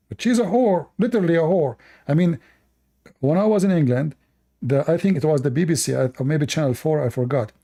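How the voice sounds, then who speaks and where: A man's voice: fairly high pitch, gravelly, dark tone. A man from the Middle East hosting casual commentary, rambling bluntly and crudely with many fillers and restarts. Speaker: host.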